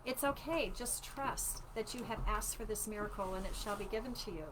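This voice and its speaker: A woman in her sixties, an author chatting casually with viewers on a home livestream, animated and chatty. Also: mid-range voice, fairly quick, noisy background. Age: 60s. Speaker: author hosting a live book launch.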